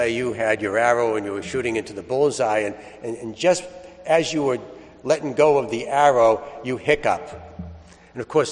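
A man preaching at Mass, reading the gospel and then giving a homily in an unhurried storytelling manner. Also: lowish voice, in a large hall. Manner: unhurried, storytelling with homely anecdotes.

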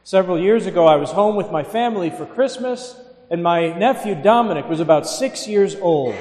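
A Catholic clergyman reading the Gospel in a measured, solemn way, then telling lively anecdotes in his homily. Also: high-pitched. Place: large church. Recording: echoey church with long reverb.

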